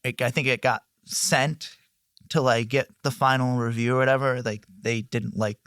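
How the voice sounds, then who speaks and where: A man with a clear, fairly bright, resonant mid-range voice co-hosts a casual podcast at a moderate pace with fairly even intonation, recorded in echo-free studio quality. He sounds hesitant, restarting his sentences often.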